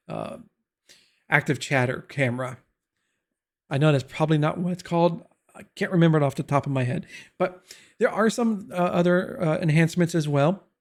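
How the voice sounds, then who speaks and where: Rambling male tech reviewer, slightly high. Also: a little mellow. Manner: rambling, many fillers and restarts. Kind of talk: casual software tutorial. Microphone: desk broadcast mic.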